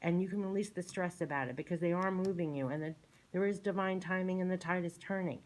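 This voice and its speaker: A tarot and oracle card reader gives a spiritual monologue, her voice on the low side and her pace quick. She reads the cards in a soothing, gushing manner and keeps repeating her phrases. The recording is rough, with cards shuffling in the background.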